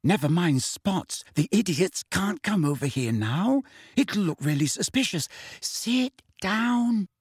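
Male narrator doing a bossy teen witch, high and prim, brisk storybook voice. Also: very animated, slightly rough, no room sound, studio quality, heavily acted. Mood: urgent. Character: clever bossy teenage schoolgirl witch.

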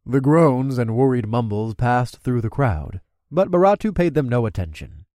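A man narrating a first-person audiobook in a steady, wry way. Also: medium pitch, moderate pace, dry recording, clean studio sound.

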